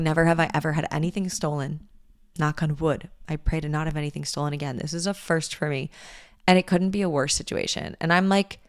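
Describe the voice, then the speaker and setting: A young woman hosting a podcast, telling a personal story in a candid, animated way and swearing freely. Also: sits low, fairly quick, dry recording, clean studio sound. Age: young adult. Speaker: podcast host. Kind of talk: casual storytelling monologue.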